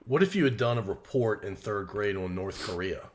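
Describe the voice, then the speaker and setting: A man's voice: fairly low pitch, lively intonation, a little fast. A man hosting a podcast, asking casual questions with a joking, teasing edge. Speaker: podcast host.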